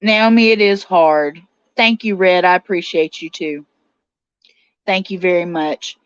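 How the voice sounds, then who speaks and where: Here a woman with a lowish, clean-toned voice talks a little slowly as she hosts a relaxed livestream, reading the chat aloud and replying to comments. There's no echo, though the audio is dull and slightly lo-fi.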